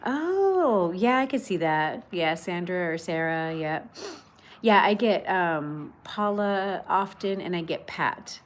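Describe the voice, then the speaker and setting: A woman hosts a casual livestream from her home's outdoor patio, chatting and reading viewer comments aloud. Her voice is on the low side and she takes things slowly, chatty and full of warm greetings and many fillers.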